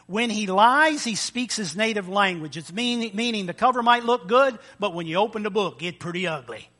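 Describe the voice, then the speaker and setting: Pastor, male, high bright voice, animated sermon delivery. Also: moderate pace. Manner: animated preaching with acted-out voices and sound effects.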